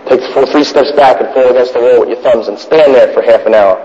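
A man telling wry, animated stories to an audience in a casual way. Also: medium pitch, fairly quick. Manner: animated, wry, acts out voices in his stories. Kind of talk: casual anecdotal storytelling to an audience. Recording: echoey hall, dull lo-fi sound.

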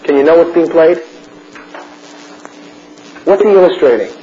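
A man with a high voice teaches through a Bible chapter in sermon style. He is blunt and fires questions at his listeners, then answers them himself. The recording is a little muffled, with a faint hiss underneath. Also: animated, measured pace, dark tone. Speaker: preacher teaching a Bible study.

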